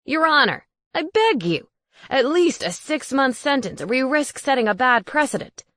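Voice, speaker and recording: A woman's voice: high-pitched, sing-song, moderate pace, a bit bright, no echo, studio quality, pitched above the performer's own voice. Woman doing a pleading wizard man. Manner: urgent, pleading. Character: pleading male wizard in court.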